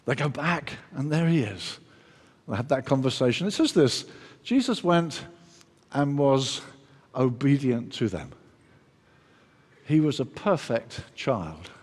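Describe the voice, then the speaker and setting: A man with a fairly high voice preaches a sermon, his words ringing with a long reverb as if in a church hall. He talks in an animated way, acting out the lines he quotes and restarting his sentences as he goes.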